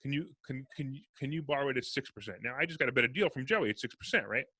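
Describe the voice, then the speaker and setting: A man's voice: medium pitch, breathy edge, dry recording. A man, a real estate investor, telling stories in a casual podcast interview and acting out the dialogue. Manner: fast, animated storyteller acting out dialogue.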